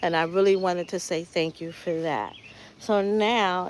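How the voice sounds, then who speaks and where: A woman's voice: mid-range voice, takes it slowly, a little mellow. A woman hosting a casual live tour of her home garden outdoors, talking in a chatty, heartfelt way about prayer and gratitude while she walks with her phone. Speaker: gardening channel host.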